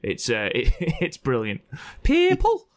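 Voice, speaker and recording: A man's voice: medium pitch, expressive, moderate pace, a bit bright. A man hosting a casual wrestling podcast chat from the UK, joking with his co-hosts and laughing often. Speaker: podcast host.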